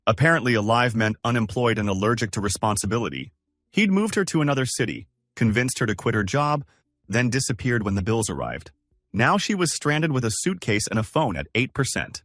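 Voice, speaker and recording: A man narrating scripted first-person stories in a dry, measured, wry way. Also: mid-range voice, very animated, fairly bright tone, no room sound. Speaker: storyteller.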